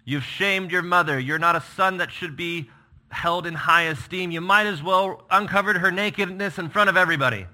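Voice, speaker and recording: Man doing a furious king, loud scolding, sharp bright tone. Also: sits high, normal speed, voice pushed up. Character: furious older king berating his son.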